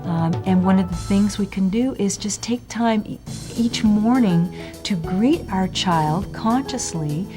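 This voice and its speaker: A middle-aged woman explains her parenting ideas to camera in a calm, measured way. She speaks very slowly. Guitar music plays clearly underneath her. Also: medium pitch. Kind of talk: interview to camera.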